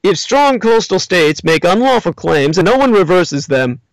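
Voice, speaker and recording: A man hosting a livestream, lecturing in a monologue with emphatic, theatrical swings in pitch, spelling out names as he goes. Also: sing-song, normal speed, no echo, low-quality recording. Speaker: livestream host.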